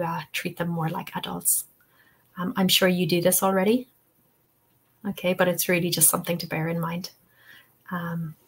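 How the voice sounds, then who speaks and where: A woman's voice: on the low side, breathy edge. A woman hosting a live webinar Q&A and training English teachers. She talks in an encouraging, chatty way and often says "okay" and "you know".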